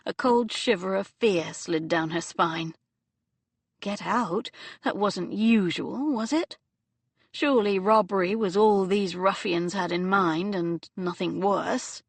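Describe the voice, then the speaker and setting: A woman reading an audiobook novel in measured, dramatic storytelling narration on a close studio mic. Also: medium pitch, no echo.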